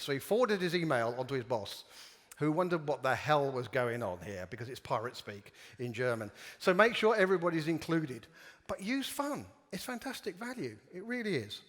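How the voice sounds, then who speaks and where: A man's voice: a little high, fairly bright tone. Playful man speaking in a reverberant hall. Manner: playful, jokey, drives audience participation. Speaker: conference speaker. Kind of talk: lively conference talk. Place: conference hall before a live audience.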